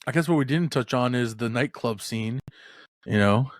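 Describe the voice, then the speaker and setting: A man's voice: mid-range voice, moderate pace, no echo, studio quality. A man hosting a casual movie-review podcast, rambling and swearing as he retells scenes. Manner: rambling, swearing, acts out lines with laughs. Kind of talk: casual chat.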